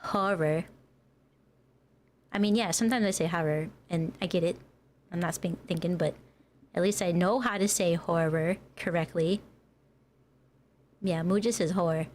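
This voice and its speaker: A woman's voice: on the low side, normal speed, pauses often, a little mellow, slight background noise. An American woman who streams as a VTuber, chatting casually with her viewers and laughing often. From United States. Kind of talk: casual livestream chat.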